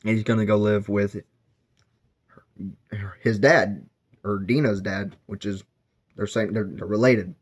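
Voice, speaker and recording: A man's voice: fairly low pitch, fairly even intonation, a little slow, long pauses. Rambling young-sounding man reviewing a book. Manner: rambling, filler-heavy, self-correcting.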